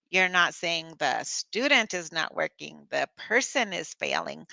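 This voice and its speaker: A woman's voice: low-pitched, lively intonation, a little slow, vocal fry, few pauses, sharp tone, dry recording. A middle-aged woman presenting an online coaching workshop, talking conversationally with personal stories and filler words.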